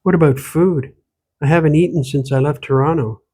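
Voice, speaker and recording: A man's voice: a little high, moderate pace, a little mellow, husky. Man doing young trainee priest, frustrated, muttering, impatient. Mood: pleading. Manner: grumbling under his breath.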